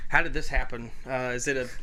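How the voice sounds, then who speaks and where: A man co-hosting a casual sports betting podcast, a little out of breath and excitable as he hypes up his picks. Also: medium pitch, fast. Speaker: podcast co-host.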